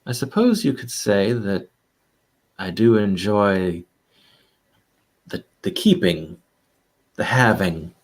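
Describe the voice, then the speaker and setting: A man's voice: fairly low pitch, big pitch swings, slow, pauses often. A man playing a tabletop game, answering in character with dry understatement. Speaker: player. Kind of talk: in-character role-play.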